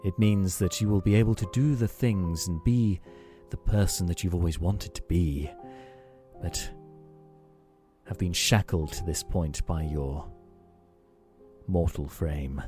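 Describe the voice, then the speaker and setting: A man voicing a sinister male entity who speaks slowly and persuasively, offering a dark bargain. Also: low-pitched, faint music behind. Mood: menacing, persuasive.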